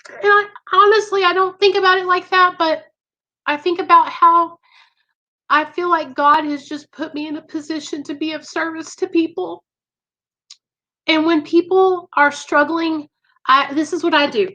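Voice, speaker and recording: A woman with a high, bright voice hosts a live stream. She talks to her viewers in an earnest, emotional way. Her voice has a clear, tense edge. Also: fairly even intonation, moderate pace, muffled recording. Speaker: live show host in recovery.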